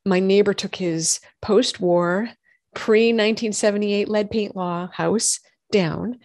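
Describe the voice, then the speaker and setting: A woman, a doctor and host telling her own health story in lively conversation, acting out what others said. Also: medium pitch, slow, no echo, clean studio sound. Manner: animated storytelling, acts out quoted voices. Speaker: functional medicine gynecologist and podcast host.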